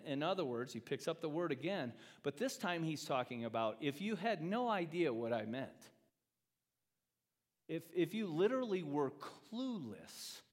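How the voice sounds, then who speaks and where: Male pastor, lively sermon delivery that dips soft and rises loud, acts out the quotes; reverberant church room. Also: fairly high pitch. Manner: animated, acts out quoted speech, swings from loud to quiet. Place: church sanctuary. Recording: long reverb of a church hall.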